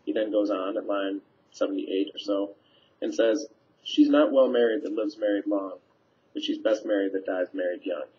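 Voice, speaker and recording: A teacher talks students through a play scene in a relaxed, conversational way. His man's voice sits on the low side. The recording is dull and lo-fi, as from a webcam microphone. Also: moderate pace. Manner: conversational, paraphrasing lines with fillers. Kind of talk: casual scene summary for students. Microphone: webcam mic.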